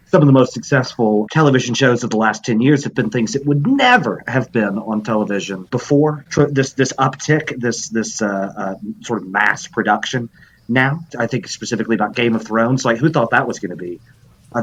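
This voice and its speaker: A man's voice: mid-range voice, highs cut off, slight background noise. Hesitant man musing in casual chat. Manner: thoughtful, circling, hesitant with restarts. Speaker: podcast guest writer.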